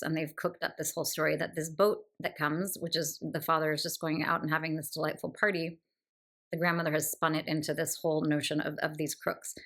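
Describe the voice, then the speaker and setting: A woman's voice: low voice, fairly bright tone. A woman hosting a book podcast, talking through a novel with admiring enthusiasm and thoughtful asides. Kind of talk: literary discussion monologue.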